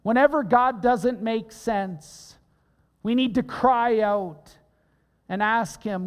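A pastor preaching a sermon in an earnest, emphatic way, repeating key phrases for weight. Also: male voice, extremely high pitch, takes it slowly, clear, resonant tone. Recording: long reverb of a large hall.

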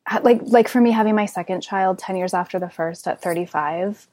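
A woman's voice: medium pitch, a little fast, a little mellow, no echo. A woman speaking as a podcast guest, thoughtful and searching for words as she talks. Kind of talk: casual podcast conversation.

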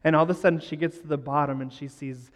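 A man's voice: a little high, steady tone, fast talker, big-room sound. A man telling self-deprecating stories to a live audience, with joking asides and laughter. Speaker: speaker addressing a live audience. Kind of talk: humorous talk to a crowd.

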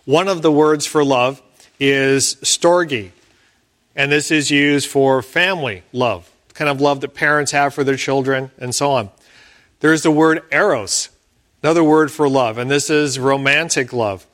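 A man preaching a sermon as pastor, explaining scripture in a slow, measured way with careful pauses. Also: medium pitch, a bit bright.

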